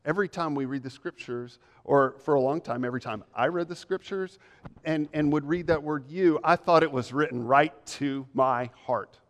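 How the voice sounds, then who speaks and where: A male pastor delivers a measured, emphatic sermon full of repeated phrases. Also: fairly high pitch. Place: church sanctuary. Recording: long reverb of a church hall.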